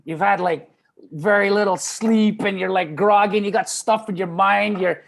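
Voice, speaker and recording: A man's voice: sits high, steady tone, normal speed, creaky, a bit bright. A man hosts a casual martial-arts chat. He rambles and circles back with lots of fillers, talking in an easy, conversational way. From Canada. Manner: rambling, many fillers and restarts. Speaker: host.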